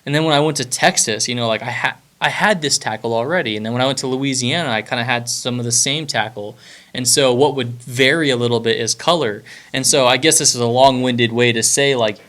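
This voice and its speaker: A man's voice: medium pitch, a bit bright. Laid-back rambling man hosting a podcast. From Florida, US. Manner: rambling, laid-back, many fillers and restarts. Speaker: podcast host. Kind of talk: casual podcast chat.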